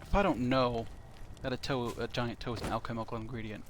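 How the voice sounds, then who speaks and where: Commenting casually while he plays, a streamer thinks out loud with plenty of fillers over a console headset. He speaks a little fast at medium pitch with fairly even intonation, and there's slight background noise.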